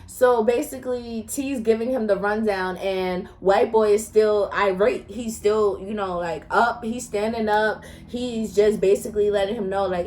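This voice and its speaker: A woman's voice: fairly high pitch, measured pace, a little hiss or hum. A young woman telling a personal story to her viewers in a casual, frank and profane way. She talks to them directly and laughs as she tells it. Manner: animated, laughs while telling.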